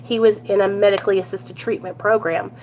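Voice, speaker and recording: A woman's voice: mid-range voice, flat delivery, brisk, a little mellow, slight background noise. A woman chatting at home to her viewers, telling a story and calling them you guys and y'all. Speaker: recovery vlogger.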